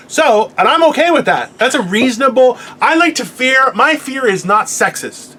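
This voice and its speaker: Brash high-voiced man, bright tone. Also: very animated, moderate pace, slightly rough. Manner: profane, boastful, self-mocking. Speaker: podcast co-host. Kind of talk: casual comedic chat.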